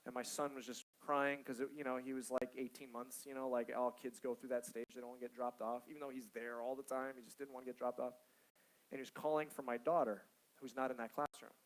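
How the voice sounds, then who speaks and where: A man's voice: fairly high pitch, fairly bright tone, rough recording. A man in his thirties, a pastor preaching to church staff in a casual, storytelling way, often tossing in "like" and "okay?". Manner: conversational, storytelling, frequent "like" and "okay?".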